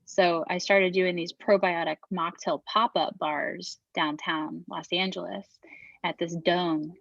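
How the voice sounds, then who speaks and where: A woman's voice: lowish voice, fairly bright tone, dry recording, dull audio. A middle-aged woman telling her story as an interview guest, speaking frankly, swearing casually and often restarting her sentences. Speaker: podcast guest, beverage founder.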